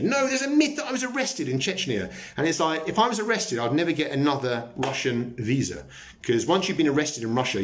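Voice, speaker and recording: A man hosting a live stream, chatting casually, joking and swearing as he answers viewer comments. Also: mid-range voice.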